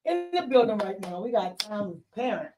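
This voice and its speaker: A woman hosting a casual studio chat show, loud, playful and teasing with her guests. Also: medium pitch, sing-song, normal speed, over music, rough recording. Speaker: host. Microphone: podcast studio mic.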